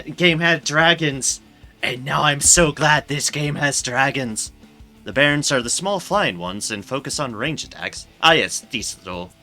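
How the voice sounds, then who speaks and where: Man, game streamer, excitable, bright sharp voice, very lively pitch. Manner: excitable, gushing, swearing. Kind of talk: let's play commentary.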